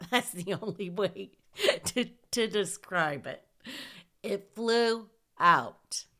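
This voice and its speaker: A middle-aged woman telling a personal story in a casual way, animated, laughing as she goes and acting out her own lines. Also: mid-range voice, drawn-out words. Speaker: storyteller recounting nursing school.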